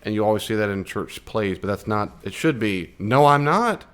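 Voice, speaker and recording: A man with an American accent teaches a Bible study class in a loose, conversational way. His voice sits fairly low, and he keeps turning to the room with questions. He acts out the scripture lines he quotes as he goes. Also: level tone, brisk, smooth. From United States.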